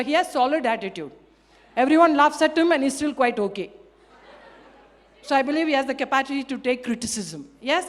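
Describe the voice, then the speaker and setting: A woman giving a lively, humorous motivational talk as a leadership trainer, drawing call-and-response from a live audience. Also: high-pitched. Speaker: leadership trainer and keynote speaker. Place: large hall with an audience. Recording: long hall reverb.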